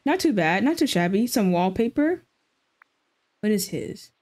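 In a mid-range voice and a slightly slow delivery, a woman streams her gameplay while bantering excitedly with viewers in lots of slang.

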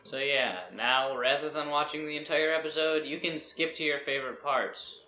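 Dry, deadpan comic straight man. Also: a little high, moderate pace, roomy sound, faint music behind, poor audio. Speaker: co-host. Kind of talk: comedy sketch banter.

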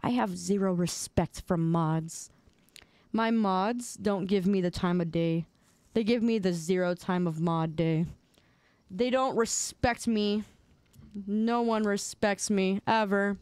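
A woman's voice: mid-range voice, slow pace, darkish tone, smooth, no echo. A woman streaming, chatting casually and reacting to memes with playful, mock-indignant whining and teasing.

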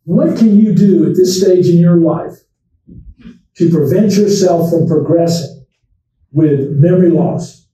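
An older man gives a relaxed, folksy talk as a memory doctor. His voice is mellow and sits a little high, and it keeps turning to the crowd with asides. He is recorded from a distance in a very echoey room. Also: a little slow. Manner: folksy storytelling, addresses the audience directly. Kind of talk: conversational public talk to seniors.

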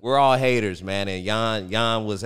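A young American man co-hosting a comedy podcast, talking casually with animated, joking delivery. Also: lowish voice, measured pace, smooth. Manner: animated storyteller, slips into mock voices for quotes.

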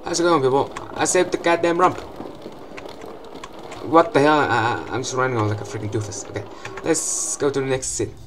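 A young man giving excitable gameplay commentary, swearing often and breaking into loud outbursts and laughs. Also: medium pitch, brisk, noisy background.

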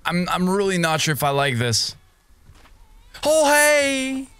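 A man's voice: high voice, big pitch swings, takes it slowly, fairly bright tone, clear, resonant tone, no room sound. A young man commentating a horror game playthrough, talking to himself and yelping and gasping at scares. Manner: jumpy, yelps and gasps at scares, talks to himself. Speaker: gaming streamer.

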